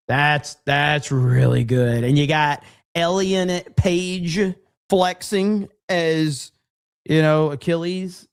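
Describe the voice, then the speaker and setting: A man with a fairly high voice hosts a casual livestream, reading out viewer messages and tossing in brisk, upbeat asides. The sound is dry and close, with little room around him. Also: no room sound. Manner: upbeat, thanks viewers by name, quick asides. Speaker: livestream host reading super chats.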